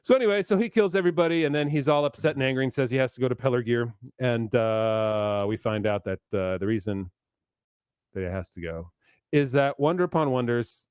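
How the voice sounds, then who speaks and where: A man's voice: medium pitch, brisk, darkish tone, clean tone, no room sound, clean studio sound. A man co-hosting a podcast, chatting casually and sarcastically about a show, laughing often and mimicking characters. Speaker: podcast co-host. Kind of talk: casual review chat.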